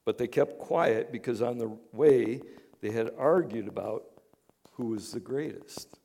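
A man pastor giving a conversational sermon, dropping to hushed asides and rising to emphatic points. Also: medium pitch, measured pace, creaky. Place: church in Chicago.

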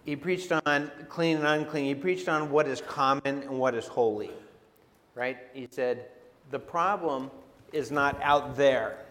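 A pastor with a slightly high, somewhat bright voice preaches a sermon in a big-sounding room. His style is conversational, and he often puts questions to his listeners.

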